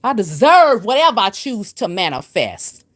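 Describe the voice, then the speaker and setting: A woman hosts a spiritual livestream. She scolds and preaches at a commenter, hammering her points with repetition. Her pitch swoops from low and firm to high and emphatic. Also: sing-song, normal speed. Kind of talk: livestream rant answering comments.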